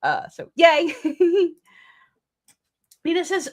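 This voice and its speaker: A woman's voice: very high-pitched, expressive, drawn-out words, long pauses. A young woman hosting a live writing stream, chatting casually, laughing often and restarting her sentences as she goes.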